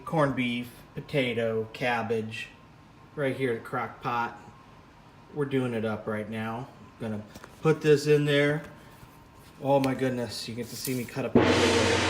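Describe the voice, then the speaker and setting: A man's voice: mid-range voice, noisy background. A man making a casual cooking vlog at home, playful and exclaiming over the sounds, sometimes dropping into a whisper. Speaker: father vlogger. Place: home kitchen.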